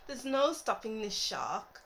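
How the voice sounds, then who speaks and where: A woman's voice: on the high side, big pitch swings, slow, vocal fry, a bit bright, slight background noise, poor audio. A woman giving a casual tarot reading, thinking aloud and musing as she lays out cards. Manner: thinking aloud, musing, trailing off mid-thought. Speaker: tarot reader.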